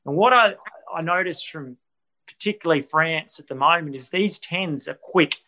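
A man's voice: a little high, moderate pace, sharp tone, poor audio. A man, giving enthusiastic rugby analysis on a sports talk panel, with frequent restarts. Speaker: rugby pundit. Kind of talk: studio sports discussion.

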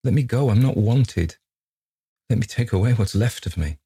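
A man's voice: mid-range voice, expressive, quick pace, mellow, breathy edge, no room sound, studio quality, voice pushed up. A man reading a distraught young woman in an audiobook, pleading and breaking between laughter and sobs. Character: distraught young woman, sobbing, wounded pride.

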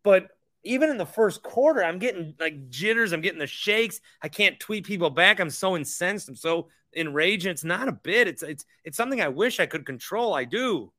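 Young male podcast host, heated ranter, forceful and slightly high voice. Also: expressive, normal speed. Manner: heated, ranting, repeats himself. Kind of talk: casual sports talk monologue.

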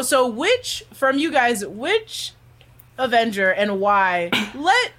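A woman hosting a casual podcast chat, excitable and laughing often as she talks. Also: fairly high pitch, takes it slowly, a little hiss or hum. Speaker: podcast host.

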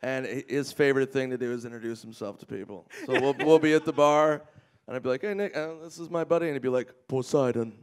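A man's voice: mid-range voice, quick pace, slight background noise. A man with an ordinary, mid-range voice relates a wry anecdote in a casual comedy chat. He delivers it evenly, with a dry edge.

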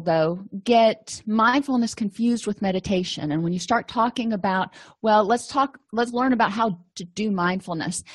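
A woman's voice: mid-range voice, no room sound. A middle-aged woman counselor giving a conversational recorded lecture, explaining with everyday personal examples.

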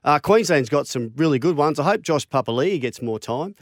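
A middle-aged Australian man, a former rugby league player, telling lively stories in casual chat and acting out the quotes. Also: fairly quick, no echo, studio quality. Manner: animated yarn-spinner, acts out quotes with big pitch jumps.

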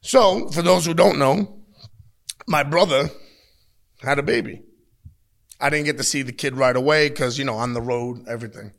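A man in his thirties, a wrestler giving an interview, talking bluntly and with lots of swearing as he tells animated stories. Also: medium pitch, moderate pace, creaky, pauses often. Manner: blunt, profane, animated storytelling. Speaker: pro wrestler, interview guest. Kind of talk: casual interview talk. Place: at a wrestling show taping.

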